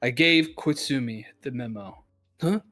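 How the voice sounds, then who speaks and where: A man's voice: medium pitch, steady tone, measured pace, a bit bright. A man narrates a manga chapter for a discussion show, describing each scene in a mid-range voice and fixing his own slips as he goes. Faint music plays under his reading. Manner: narrates scenes plainly, stumbles and corrects himself. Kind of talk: reading a manga aloud with commentary.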